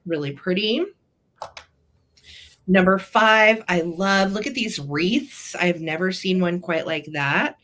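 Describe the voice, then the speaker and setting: A woman's voice: fairly low pitch, fairly bright tone. A woman co-hosting a live vintage sale, chatting sweetly and gushing over the items. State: throat tickle, clearing throat. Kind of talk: live selling chat.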